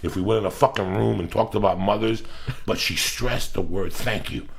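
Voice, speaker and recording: A man's voice: on the low side, moderate pace, vocal fry, slight background noise. A middle-aged man hosting a podcast, ranting in a casual, profane, emphatic way. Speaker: podcast host.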